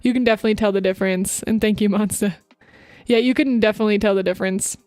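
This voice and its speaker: A woman's voice: medium pitch, steady tone, quick pace, darkish tone, dry recording, clean studio sound. A young woman streaming casually, giggling as she chats and reads voice acting drills with exaggerated pacing and emphasis. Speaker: VTuber streamer. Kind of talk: casual livestream chat about voice acting drills.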